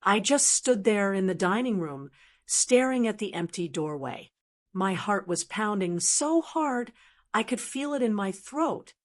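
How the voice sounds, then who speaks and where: An older woman reading a first-person story in a measured, reflective way. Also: mid-range voice, expressive. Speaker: narrator.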